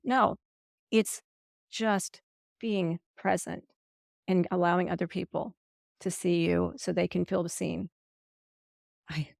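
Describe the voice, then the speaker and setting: A woman's voice: mid-range voice, vocal fry, no room sound, studio quality. A woman hosting an interview show who gushes over her guest and acts out little quotes, heard over a video call. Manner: gushing and effusive, acts out quotes. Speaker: host. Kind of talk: casual interview chat.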